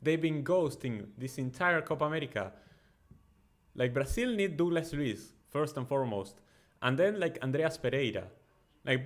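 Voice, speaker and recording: A man hosting a football watchalong, giving excitable, chatty live commentary with frequent ums and uhs. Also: on the high side. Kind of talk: casual live match commentary and chat.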